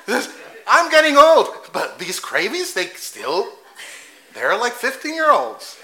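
A man's voice: high voice, sharp tone, poor audio. A man preaching a sermon in a conversational way, laughing at his own asides and correcting himself as he goes.

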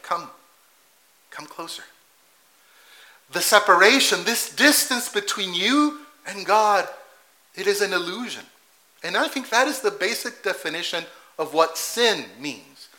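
Animated high-voiced male preacher. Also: poor audio. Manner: animated, acts out quotes, asks rhetorical questions. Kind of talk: sermon.

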